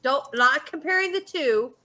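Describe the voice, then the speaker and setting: A woman's voice: sits high, animated, moderate pace, a loud crowd. A middle-aged American woman, hosting a casual stream chat, blunt and swearing freely. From United States. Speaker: stream host.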